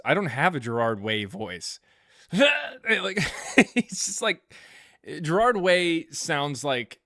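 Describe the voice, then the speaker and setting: A man's voice: medium pitch, fairly bright tone, dry recording, studio quality. A man hosting a live stream, reading super chats in a casual, jokey, rambling way with many fillers.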